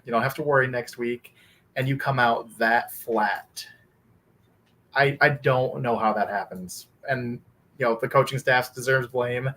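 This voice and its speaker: A man on a sports chat panel, giving measured, frustrated analysis. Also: mid-range voice, a bit bright. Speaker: podcast panelist.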